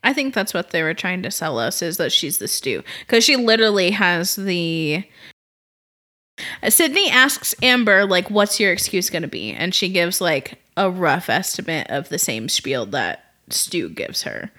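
Female podcast co-host, bright and playful, very wide pitch swings, quotes scenes. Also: big pitch swings, measured pace. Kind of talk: casual chat reviewing a film.

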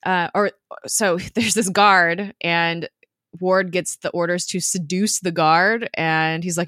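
A woman's voice: lowish voice, fairly even intonation, a little slow, fairly bright tone, smooth, dry recording, studio quality. A woman co-hosting a podcast, chatting casually as she recaps an episode, laughing often. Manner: chatty, laughs often, recounts scenes with quoted voices. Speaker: podcast co-host.

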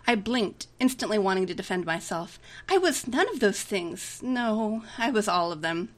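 A woman's voice: medium pitch, animated, slow pace. A woman reading a romantic comedy aloud in a chatty way, giggling often between lines. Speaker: story reader.

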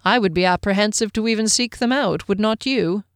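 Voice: medium pitch, brisk, no echo, clean studio sound, pitched above the performer's own voice, close to an everyday voice. A narrator voicing a proud, guarded army major who speaks formally and courteously. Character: stern proud human army major, middle-aged.

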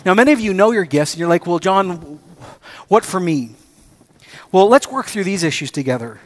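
A man preaching a sermon as pastor, telling stories with acted-out dialogue and rising to excited emphasis. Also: sits high, normal speed.

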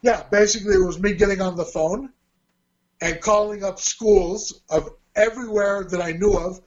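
A man's voice: high-pitched, normal speed, highs cut off. A man, a martial arts teacher and fight promoter, telling his story in an interview in a chatty way with restarts. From Australia. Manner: chatty, with restarts and quoted dialogue.

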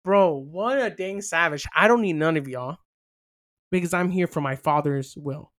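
Animated speaker preaching with slang. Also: mid-range voice, normal speed, dry recording, studio quality. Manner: animated, slangy, reads Bible passages aloud then riffs on them. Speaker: podcast host teaching on scripture. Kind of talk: informal devotional teaching.

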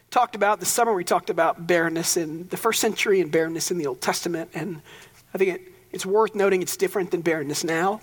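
A man's voice: high voice, a bit bright, in a large hall. A young man preaching a sermon as pastor, casual and conversational, with joking asides.

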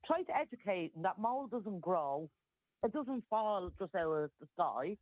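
A woman's voice: mid-range voice, sing-song, measured pace. A woman calling a radio show, playful and bossy, heard over a phone line. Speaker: caller. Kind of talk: phone-in chat.

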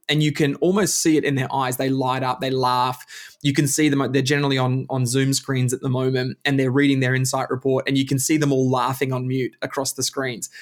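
A man who works as a strengths coach, hosting a podcast interview and talking in a reflective, steady way with frequent restarts. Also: medium pitch. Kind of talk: conversational interview.

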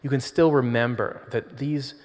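A man giving an informal sermon, talking in a conversational, pausing storytelling way, with long hall reverb. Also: medium pitch, fairly even intonation. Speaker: spiritual speaker.

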